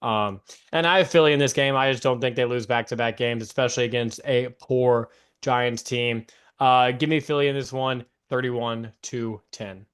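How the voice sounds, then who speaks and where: A young man co-hosting a casual sports podcast, upbeat, with frequent fillers and emphatic pitch jumps. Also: fairly even intonation, moderate pace, a bit bright, smooth. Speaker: podcast co-host.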